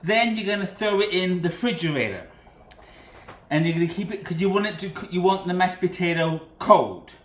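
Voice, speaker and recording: A man's voice: sits high, normal speed, echoey room, a little hiss or hum. A man from Britain hosting a casual cooking demonstration in his home kitchen, chatty and loose, often correcting himself mid-sentence. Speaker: cooking channel host.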